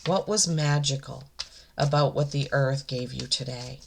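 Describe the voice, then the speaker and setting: A woman's voice: low voice, noisy background. A woman energy healer giving an oracle card reading, reverent and gushing, emotional and near tears. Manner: slow, reverent and gushing, often moved.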